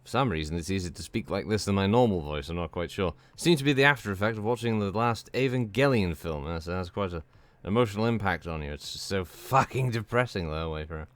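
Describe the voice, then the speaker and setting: A young man thinks aloud while he plays a game on stream. His voice sits a little low and sounds smooth and clean. He rambles, keeps saying "yes, good," and pokes dry fun at himself. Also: lively intonation, quick pace, few pauses, dry recording. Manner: dry self-mocking humour. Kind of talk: casual gameplay stream commentary.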